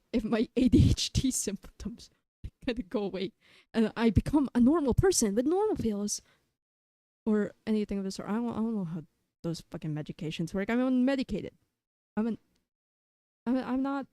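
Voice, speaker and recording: A woman's voice: fairly high pitch, mellow, dry recording, clean studio sound. Chaotic, swearing young streamer woman. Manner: chaotic, swears a lot, argues with herself in quick back-and-forth; jumps between silly sounds, jokes and random tangents. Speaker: variety streamer. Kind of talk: unscripted live-stream rambling.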